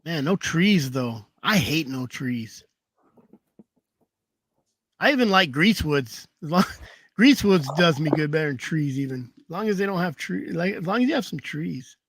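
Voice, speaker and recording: A man's voice: on the high side, lively intonation, moderate pace, a bit bright, no room sound. A man telling rambling hunting stories in a casual chat, laughing through his anecdotes over a video call. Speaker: hound hunter telling stories.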